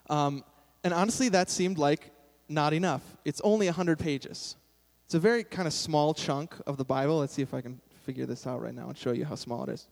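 This young pastor's voice is fairly high yet darkish and creaky, and he moves briskly. He delivers his sermon casually, poking fun at himself before erupting into sudden emphasis, with long hall reverb on the recording.

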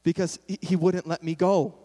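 A man's voice: high-pitched, flat delivery, normal speed, warm tone. A young man preaching a sermon in a casual, self-deprecating way, with sudden emphatic bursts. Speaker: pastor. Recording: long hall reverb.

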